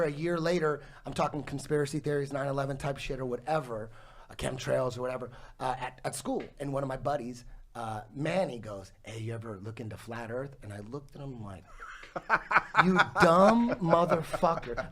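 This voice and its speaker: A man in his forties tells a rambling story at a loose, animated clip, peppering it with swearing and laughter. His voice sits a touch high for a man, and the talk is casual and unscripted. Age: 40s. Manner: profane, animated, laughs while telling. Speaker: podcast guest telling a story.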